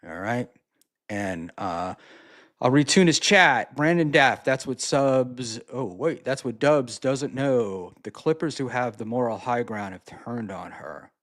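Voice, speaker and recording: A man's voice: medium pitch, expressive, unhurried, fairly bright tone, no echo, studio quality. A man hosting a casual solo livestream, reading out chat messages and reacting in a rambling, profane way with lots of fillers.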